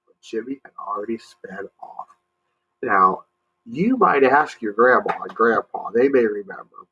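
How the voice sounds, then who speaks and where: A male teacher reads a picture book aloud to children. His bright, slightly husky voice moves at a slow, patient pace. He pauses to explain words and invites the kids to join in, on a dull, lo-fi recording. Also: on the low side, animated.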